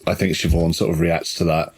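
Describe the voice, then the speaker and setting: A man's voice: low voice, flat delivery, fairly quick, darkish tone, husky. A man playing a tabletop game, describing his character's actions in detail and laughing easily. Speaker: player.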